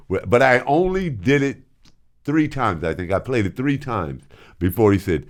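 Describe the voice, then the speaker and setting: An older man spins long anecdotes from his radio days, his voice a little low but swinging widely in pitch. He breaks into mimicry and sound effects as he goes, casual and unscripted. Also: a little fast. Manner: animated storyteller doing voices and sound effects. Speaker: host, former radio DJ. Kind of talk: casual storytelling.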